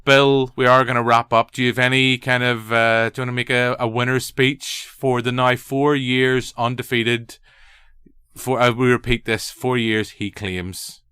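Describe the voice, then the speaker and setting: A man's voice: medium pitch, flat delivery, normal speed, pushed and bright, smooth, no room sound, clean studio sound. A man with a Northern Irish accent hosting a podcast, chatting casually in a rambling, jokey way. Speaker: podcast host. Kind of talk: casual chat.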